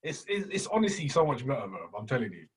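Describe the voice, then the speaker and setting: A young man co-hosting a casual podcast chat, slangy and quick to laugh, often repeating his words. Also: mid-range voice, sing-song, husky. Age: young adult. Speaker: podcast co-host.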